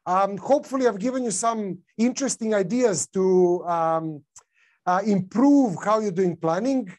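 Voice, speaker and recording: Speaking at a measured pace, this conference presenter has a high voice with a darkish tone and a non-native English accent. His talk is informal, full of fillers and false starts.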